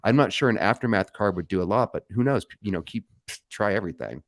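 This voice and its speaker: A man's voice: fairly low pitch, expressive, quick pace, no room sound, studio quality. A man co-hosting a casual live stream, talking bluntly and joking with the others. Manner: blunt, swears, jokes with co-hosts. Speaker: co-host.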